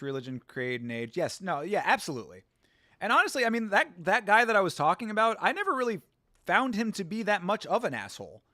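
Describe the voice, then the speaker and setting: A man's voice: fairly high pitch, a bit bright, no room sound. Chatty man hosting a stream, dry sound. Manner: chatty, rambling, with restarts and laughs. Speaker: host reading chat on a fight watch-along stream. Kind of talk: casual chat and storytelling.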